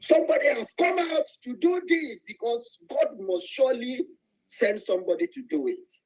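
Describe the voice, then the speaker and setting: A man's voice: very high voice, big pitch swings, normal speed, a little mellow, poor audio. A man with a Nigerian Igbo accent giving an angry, emotional speech to an online voice room, calling out to listeners. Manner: emotional, angry, preaching, rising to cries. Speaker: speaker in an online activist voice room.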